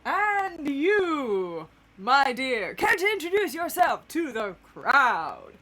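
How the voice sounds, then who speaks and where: Woman doing a squeaky groundhog announcer. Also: sing-song, slow, bright, forceful tone, full character voice. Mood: announcing. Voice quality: very high-pitched squeaky voice. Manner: grandly announcing to a crowd. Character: small fussy male groundhog announcer.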